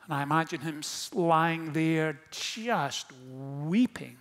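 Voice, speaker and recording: A man, a pastor, preaching a sermon in a storytelling manner that moves from hushed lines to impassioned ones. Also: fairly high pitch, slow pace, creaky, few pauses.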